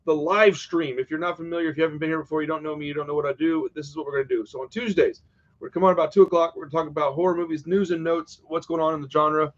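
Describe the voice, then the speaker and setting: A man's voice: a little high, fairly even intonation, racing, lo-fi sound. A man hosting a horror live stream, chatting casually and wandering off topic from home. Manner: rambling, easily sidetracked, chatty.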